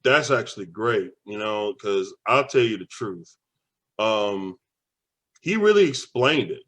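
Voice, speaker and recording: A man from Dallas co-hosting a podcast, talking in relaxed casual chat with lots of fillers. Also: on the low side, measured pace. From Dallas, Texas. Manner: relaxed, agreeable, filler-heavy. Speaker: podcast co-host.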